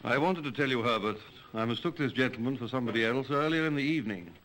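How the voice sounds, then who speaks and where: An actor playing a genial, courteous gentleman barrister in a 1930s film, clipped and polite. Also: medium pitch, fast talker, a little hiss or hum, lightly acted, low-quality recording. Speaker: barrister Conway Addison. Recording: old film soundtrack with music.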